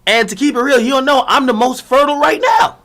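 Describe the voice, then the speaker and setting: A man's voice: very high voice, fairly even intonation, quick pace, fairly bright tone. A young man streaming, telling a long personal story in a rambling, profane, slang-heavy casual way.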